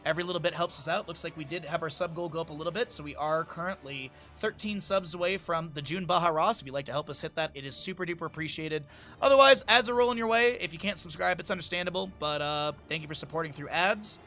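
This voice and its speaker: A man's voice: on the high side, steady tone, fast, hardly any pauses, bright, forceful tone, faint music behind. A young man casually commentating a live esports tournament stream, chatty and rambling with lots of fillers, sounding a bit sleepy.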